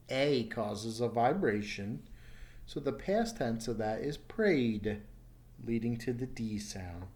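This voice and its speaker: A man teaching English pronunciation in a recorded online lesson, slowly repeating each word clearly and patiently. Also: medium pitch. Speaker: ESL teacher.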